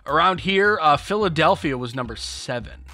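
A man's voice: on the high side, animated, moderate pace, bright, forceful tone, soft background music. A man co-hosting a podcast in loose, rambling casual chat, full of fillers. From Buffalo area, New York. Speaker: podcast co-host.

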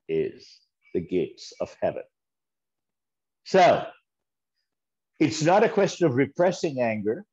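Man, slow unhurried sermon, storytelling with quoted voices, emphatic repeats, dull lo-fi sound. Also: fairly low pitch, mellow. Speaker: guest speaker at a church service.

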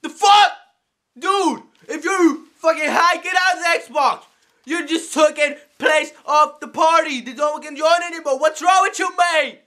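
A man voicing a furious young gamer who yells and curses at a teammate in a high strained voice. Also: a little slow, exaggerated voice.

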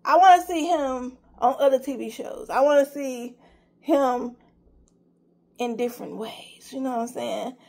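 A woman's voice: high-pitched, a little slow, vocal fry, darkish tone. A woman vlogger in casual chat to camera, emotional and gushing, rambling with many fillers as she talks straight to her viewers.

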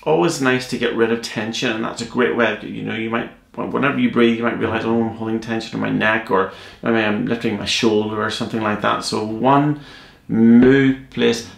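A man's voice: medium pitch, fairly even intonation, moderate pace, creaky, echoey room. A man teaching a cello piece in a playful, joking, encouraging way. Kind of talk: music tutorial.

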